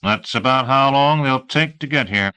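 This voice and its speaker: A man's voice: medium pitch, moderate pace, pushed and bright, clear, resonant tone, no room sound, pitched above the performer's own voice, natural voice, poor audio. A man voicing a stubborn, middle-aged male police chief who speaks firmly. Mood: brisk. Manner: firm, resolute.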